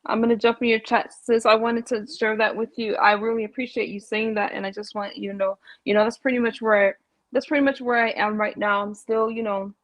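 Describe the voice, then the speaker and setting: Woman caller, somewhat high voice, dry close sound, halting heartfelt sharing. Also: steady tone, no echo. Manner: halting, full of "like" and restarts. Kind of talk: casual, emotional sharing.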